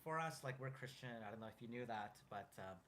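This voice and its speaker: A man in his thirties in casual chat as co-host, earnest and halting, with many restarts and fillers. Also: mid-range voice, expressive, a bit bright, a little hiss or hum.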